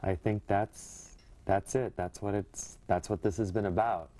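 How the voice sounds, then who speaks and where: A man's voice: on the low side, steady tone, measured pace, warm tone. A man recalling a memory in an interview, hesitant and reflective.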